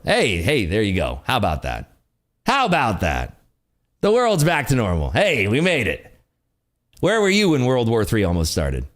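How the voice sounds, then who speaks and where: Very animated and speaking at a normal speed, this day-trading livestream host chats in his mid-range voice. His casual live commentary is upbeat and full of jokes.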